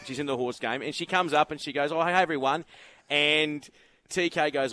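A man's voice: a little high, normal speed, bright, forceful tone. An Australian man presenting horse racing from the road, telling rambling anecdotes in casual radio chat and laughing often.

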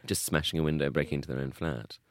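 A man's voice: a bass voice, steady tone, fast talker, no room sound. A man co-hosting a podcast in casual comedic chat, dry and teasing as he riffs along with his co-host.

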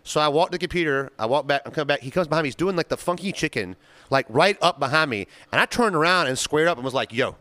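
A young man tells a story at a quick clip, swearing freely and playing out every line he quotes. His voice swings high and low with energy. The close mic sounds dry and direct, with no room around it. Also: no echo. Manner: profane, animated storytelling with acted-out quotes. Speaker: podcast co-host. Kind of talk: casual storytelling chat.

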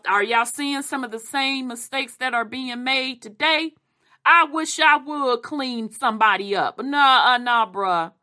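A woman reading history aloud and adding animated, casual commentary. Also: a little high. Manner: animated, quick asides, Southern Black vernacular.

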